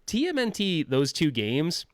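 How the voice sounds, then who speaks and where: A man's voice: on the high side, huge pitch swings, unhurried, no room sound, studio quality. A man hosting a livestream, talking casually with a rambling, laughing and self-deprecating manner. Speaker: livestream host.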